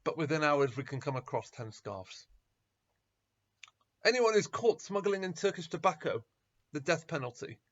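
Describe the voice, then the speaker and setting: A man voicing an old rabbi, speaking quietly and insistently to his disciples, on a dull lo-fi recording. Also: a little high, big pitch swings, moderate pace, pauses often. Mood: tearful.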